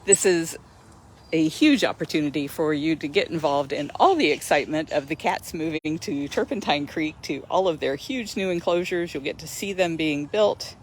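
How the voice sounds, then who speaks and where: A woman's voice: low-pitched, moderate pace, a little hiss or hum. Chatty woman hosting an outdoor livestream. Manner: chatty and enthusiastic, laughs often. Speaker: host of a sanctuary livestream. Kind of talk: casual live-stream chat.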